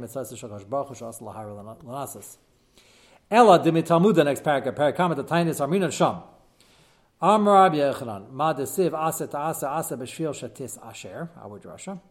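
Fast-talking man leading a study class. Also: mid-range voice. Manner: animated, quick explaining with frequent fillers. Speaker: teacher. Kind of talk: text-study class lecture.

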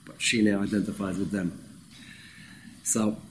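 A man's voice: lowish voice, fairly even intonation, measured pace, a little hiss or hum, rough recording. A man teaching an informal Bible class in a conversational, wry way. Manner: conversational and wry, acts out quoted speakers.

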